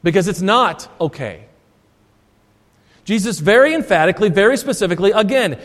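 A man's voice: high voice, expressive, a little fast, long pauses, a bit bright. A male Lutheran pastor preaching a sermon, emphatic and repeating his key phrases for stress. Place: church sanctuary. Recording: long church reverb.

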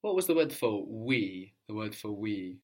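Man, language teacher, low-pitched, patient, prompting questions, repeating answers. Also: big pitch swings, unhurried. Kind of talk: one-on-one Greek lesson.

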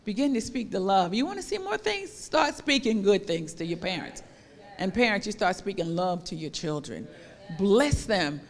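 A woman's voice: medium pitch, expressive, moderate pace. Emphatic woman preacher in a reverberant hall. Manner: passionate, emphatic, repetitive. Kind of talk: sermon.

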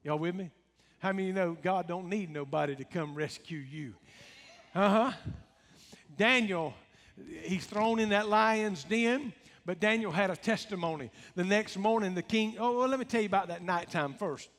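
Male preacher, very high voice, rhythmic sermon delivery, echoing church hall. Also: moderate pace, fairly bright tone. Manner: rhythmic preaching, calls out to the congregation. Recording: long reverb of a large hall.

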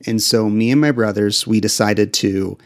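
A young man from Utah talks as a guest in a relaxed interview, easygoing and quick to chuckle. His voice sits on the low side for a man. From Utah, United States. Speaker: podcast guest, filmmaker. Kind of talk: casual interview chat.

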